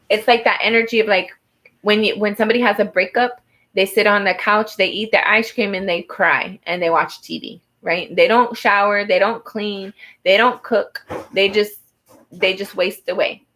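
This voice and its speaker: A woman's voice: medium pitch, fairly even intonation, moderate pace, fairly bright tone, poor audio. A woman doing a personal tarot reading who talks to the viewer in an earnest, encouraging way, with many fillers and restarts. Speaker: tarot reader.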